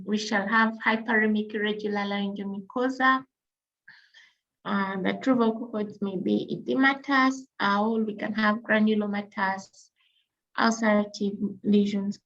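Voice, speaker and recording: Female medical lecturer, mid-pitched, patient explanatory delivery, muffled lo-fi recording. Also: steady tone, a little slow, a bit bright. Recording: dull lo-fi recording.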